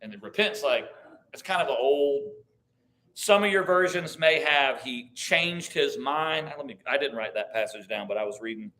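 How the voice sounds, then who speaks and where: Teaching a church Bible class in a conversational style, a man reads verses, asks the group questions, and thinks aloud with frequent restarts. His mid-range voice is expressive, bright, and forceful, at a normal speed.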